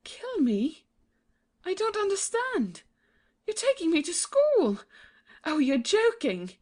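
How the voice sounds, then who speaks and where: A woman's voice: very high voice, huge pitch swings, takes it slowly, darkish tone, heavily acted. A woman voicing a young, trusting princess, earnest and pleading in a childlike way. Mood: frightened.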